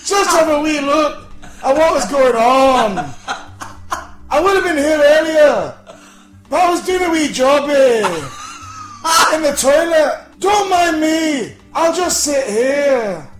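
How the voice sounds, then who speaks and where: A man doing a rowdy Scottish joker who bellows his lines slowly, high and swooping, with bursts of laughter. The accent is broad, and the voice rings around an echoey room with faint music beneath it. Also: animated, exaggerated voice. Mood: boisterous. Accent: Scottish, put on. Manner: shouting, cackling, slow and broad. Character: loud jolly Scottish man, judge-turned comic.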